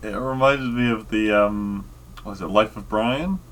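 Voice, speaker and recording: Man with a low, bright, forceful voice. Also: unhurried. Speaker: podcast co-host. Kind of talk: casual chat.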